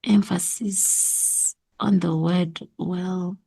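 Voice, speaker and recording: Slow, gravelly South African woman teacher. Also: lowish voice, fairly even intonation, mellow. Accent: South African English. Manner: slow, thinking aloud, repeating answers. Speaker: teacher going over exam memo. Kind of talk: exam revision lesson.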